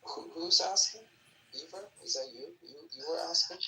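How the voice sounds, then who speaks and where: A man's voice: fairly high pitch, normal speed, crowd noise. A man in a voice-chat argument, dismissive and trying to shut it down. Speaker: participant in a live voice chat.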